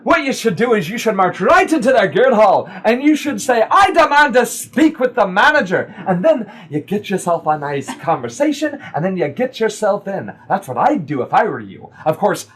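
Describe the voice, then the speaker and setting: A man's voice: high voice, very animated, moderate pace, few pauses, fairly bright tone, husky, voice pushed up, heavily acted. A man voicing a blunt, sardonic dwarf woman in a tabletop game. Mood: chatty. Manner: scolding, mocking, chatty.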